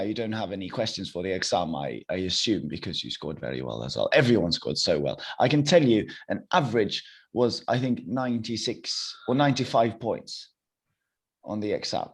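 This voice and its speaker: A young man teaches a language class over a video call, encouraging his students and slowing down to repeat phrases. His voice sits a little low, with a husky edge, and his pitch moves around a lot. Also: lively intonation. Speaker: online Chinese teacher. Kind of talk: live online language class.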